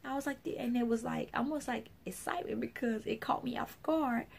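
Woman, minister, very gravelly voice, casual rambling testimony, lots of fillers. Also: on the high side, fairly quick, a little mellow, slight background noise. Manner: rambling, full of fillers and restarts; acts out other people's remarks.

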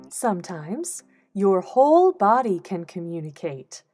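A woman reading a children's book aloud in an expressive way, acting out the quoted lines. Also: mid-range voice, slow pace, slightly rough. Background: instrumental music.

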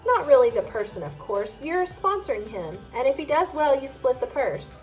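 A woman's voice: sits high, sing-song, normal speed, soft background music. A woman reading the part of an adult man who patiently explains investments and apologizes. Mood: explaining.

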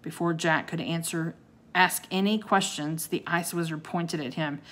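A woman reading a children's book aloud, expressive and giving each character a voice. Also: deep voice, measured pace. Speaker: audiobook reader.

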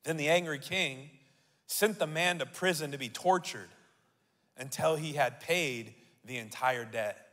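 A male pastor preaching a sermon, reading scripture aloud and building to loud declarations. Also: on the high side, a little slow. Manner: reads scripture aloud and asks the crowd to repeat. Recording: long hall reverb.

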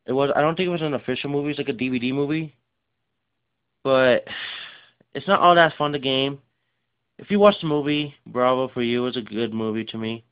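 Man, tired, rambling, filler-heavy, unscripted show-and-tell, smooth resonant voice, muffled lo-fi audio. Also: mid-range voice, brisk, pauses often. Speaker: game collection vlogger. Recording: dull lo-fi recording.

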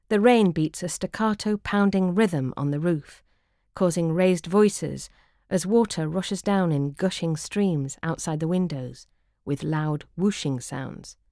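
A woman narrates her own travel memoir in an audiobook reading. Her voice sits very low and she keeps a dry, wry, measured delivery. The sound is close and dry with no room around it. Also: darkish tone, no room sound.

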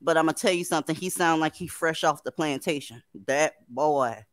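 A woman's voice: low-pitched, normal speed, no room sound. A woman hosting a livestream, talking bluntly and sardonically to her viewers. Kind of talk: livestream commentary.

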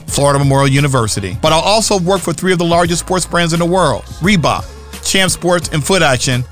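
A man's voice: a little high, fairly bright tone. A man reading his podcast's scripted intro in a proud, announcing manner. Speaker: podcast host.

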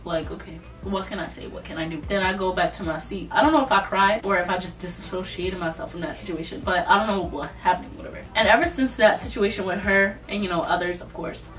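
A young woman casually telling a storytime vlog, animated and loose, slipping into mocking voices. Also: fairly low pitch, quick pace, hardly any pauses. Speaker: vlogger. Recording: voice a bit far from the mic, soft music behind.

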